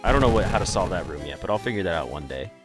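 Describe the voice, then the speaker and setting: A man's voice: sits low, expressive, racing, over music. A man giving casual, rambling let's-play commentary with profane, laughing asides. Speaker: gaming video creator.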